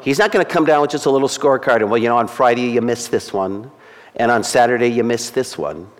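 A male pastor delivers a sermon in an emphatic, conversational way, slipping into quoted voices to drive a point home. His voice sits at an ordinary middle pitch. A long reverb trails each phrase, as in a church sanctuary. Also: quick pace.

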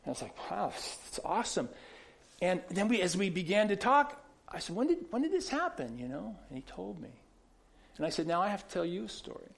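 A man's voice: high-pitched, lively intonation, fairly quick, vocal fry, fairly bright tone. Storytelling man preaching a sermon. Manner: conversational storytelling with many restarts. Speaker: pastor.

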